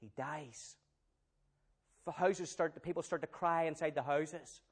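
A man telling a Bible story as a sermon, animated and questioning his listeners. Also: on the high side, a little slow, breathy edge. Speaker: preacher.

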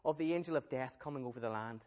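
A man telling a Bible story as a sermon, animated and questioning his listeners. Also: mid-range voice, fast talker. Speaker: preacher.

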